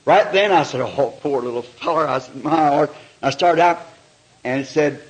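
A man's voice: fairly high pitch, moderate pace, low-quality recording. A middle-aged man preaching a sermon, telling a personal testimony in an emotional, folksy way. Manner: emotional storytelling with folksy phrasing.

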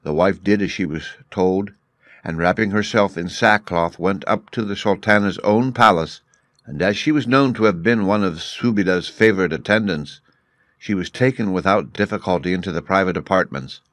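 A man narrating a story for English learners in a clear, measured way. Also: deep voice, a bit bright, dry recording.

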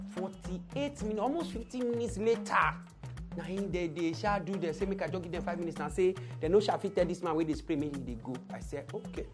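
A woman with a Nigerian Pidgin accent, hosting a podcast and telling an event story with hushed asides and loud outbursts. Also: mid-range voice, fast talker, over music. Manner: animated, swings from hushed asides to loud exclaims. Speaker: podcast host.

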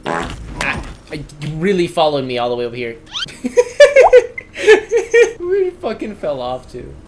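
A man's voice: on the high side, wildly swooping pitch, moderate pace, slight background noise. A young man giving sarcastic, swearing commentary while playing a video game. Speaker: gameplay streamer. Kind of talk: gameplay commentary.

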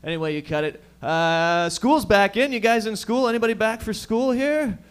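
A man's voice: sits high, clear, resonant tone. A young man from the Toronto area hosting a stand-up set, firing off profane jokes at the crowd. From Toronto area, Canada. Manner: profane, rapid-fire joking to the crowd. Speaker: stand-up comedian and host. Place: comedy lounge stage.

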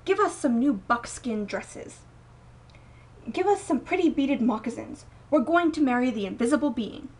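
A woman voicing two proud, cruel young sisters who talk in a shrill, boastful way. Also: animated, normal speed. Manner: shrill, boastful and haughty, stammering when caught out. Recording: voice a bit distant from mic.

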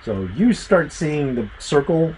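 Man, game master, animated storyteller, lively pitch, slightly high voice, faint background noise. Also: slow, low-quality recording. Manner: animated storytelling with sound effects. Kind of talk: narrating a tabletop game.

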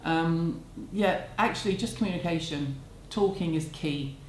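A woman's voice: fairly low pitch, a little slow. A woman, answering viewer questions at home in a candid, chatty, self-deprecating way. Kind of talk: casual chat. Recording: echoey room, faint background hum.

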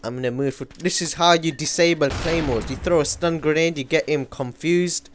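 A young man giving live commentary over his own gameplay, excitable, switching between mumbled asides and sudden yells. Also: a little high, moderate pace, a little hiss or hum. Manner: excitable, swings from mumbling to yelling. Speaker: gaming commentator. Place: home room.

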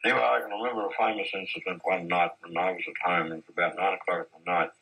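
Man, deep voice, husky, forceful, storytelling, old interview. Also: fairly even intonation, poor audio. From Australia. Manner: measured, anecdotal, with occasional restarts. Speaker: interviewee, former mine boss. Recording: 1970s archive interview.

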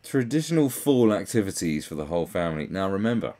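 A man's voice: sing-song, fast talker, dark tone. A British man doing sarcastic commentary on memes, mocking and swearing freely. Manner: mocking, swears, jumps into high mock voices. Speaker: commentary host.

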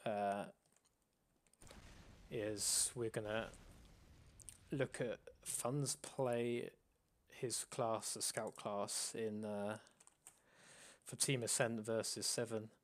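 Man explaining rules in a monotone. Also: on the low side, extremely slow, pauses often. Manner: calls his own voice monotone, many fillers and restarts. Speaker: host. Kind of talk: casual live-stream explainer.

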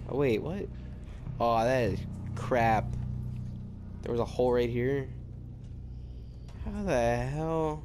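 A man giving let's-play commentary, excitable and full of swearing and rambling asides. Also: mid-range voice, slow, pauses often. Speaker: gamer. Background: game music.

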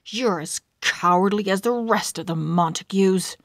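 A woman's voice: lowish voice, steady tone, slow, a bit bright, dry recording, clean studio sound. A woman voicing a harsh, sneering young male rival in a storybook read-aloud, with a jeering manner. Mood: menacing.

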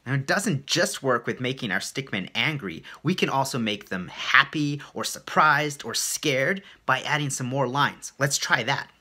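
A man coaching children through a playful drawing lesson at his art desk, animated, with gasps and little sound effects. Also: medium pitch, measured pace, hardly any pauses, slight background noise. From Canada.

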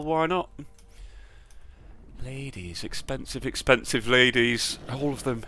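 A man's voice: a little high, sharp tone, a little hiss or hum. A man with a British accent giving sweary, sarcastic commentary on his own slot spins, muttering to himself between outbursts. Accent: British English. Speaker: slot streamer. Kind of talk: casual live slot commentary.

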